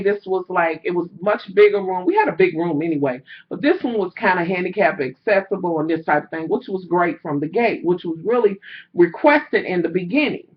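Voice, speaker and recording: Woman, casual storytime vlog, loud and animated, mid pitch, slightly dull recording. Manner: loud, animated storytelling, heavy cursing, slangy. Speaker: vlogger. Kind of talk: casual storytime chat to camera.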